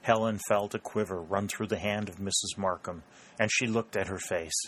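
Low-voiced man narrating a novel. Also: a little hiss or hum. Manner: measured, even storytelling. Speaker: audiobook narrator.

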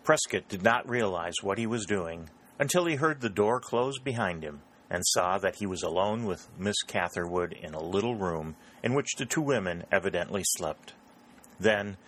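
A man narrating a novel as an audiobook reader, with a steady, even delivery. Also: low-pitched, moderate pace, low-quality recording. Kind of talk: scripted narration.

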